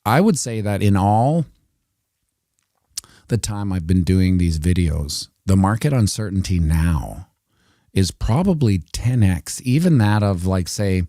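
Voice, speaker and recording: A man's voice: sits low, expressive, unhurried, mellow, no room sound, studio quality. A Canadian man giving casual, rambling commentary on crypto price charts during a livestream, with jokey asides.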